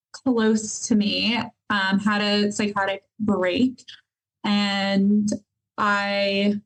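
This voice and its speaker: Calm woman on a video call. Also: mid-range voice, low-quality recording. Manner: thoughtful, calm, with soft laughs and "um"s. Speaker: guest therapist. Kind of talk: interview answer.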